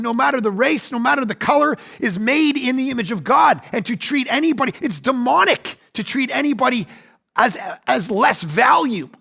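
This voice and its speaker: Pastor, male, 40s: gravelly, bright sermon voice, animated, dips to hushed then builds up. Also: very high-pitched. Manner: animated, acts out quoted voices, swings between loud and hushed.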